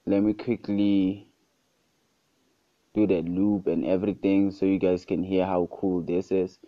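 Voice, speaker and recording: A man narrating a casual music production tutorial, relaxed and easygoing, often calling out to his viewers and praising each sound. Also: low-pitched, measured pace, no echo, muffled recording. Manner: relaxed, repeats "guys" and "super cool".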